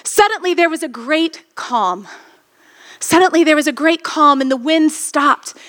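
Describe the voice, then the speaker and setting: Bright, high-voiced woman pastor preaching. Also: expressive, measured pace. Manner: storytelling, rhetorical questions to the congregation. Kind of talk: sermon.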